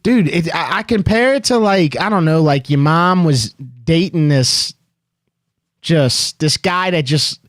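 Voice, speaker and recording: Chill new dude hosting sports talk, rambly, dry close sound. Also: male voice, on the high side, unhurried, dry recording. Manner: laid-back, loose and rambling, lots of "um" and "dude". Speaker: host.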